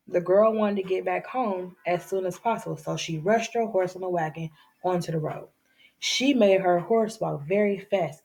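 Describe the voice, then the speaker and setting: A woman teacher telling children's fables in an animated storytelling lesson, acting out the characters with big jumps in her voice. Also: fairly low pitch, moderate pace, gravelly.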